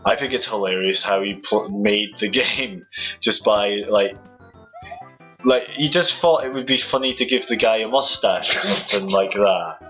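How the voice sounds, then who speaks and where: A man's voice: lowish voice, moderate pace, pushed and bright. A young man from Scotland with a Scottish accent, teasing his friend in casual banter while they play a video game. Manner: teasing, mock-pompous. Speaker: co-host of a gaming video. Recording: dull lo-fi sound with game music.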